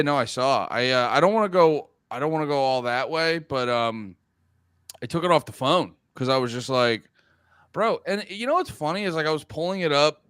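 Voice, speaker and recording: A man's voice: medium pitch, smooth, dry recording, studio quality. A man in his thirties co-hosting a casual podcast, rambling and swearing freely, often restarting his sentences. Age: 30s. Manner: rambling, animated, swears a lot, stammers on restarts. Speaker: podcast co-host. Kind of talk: casual chat.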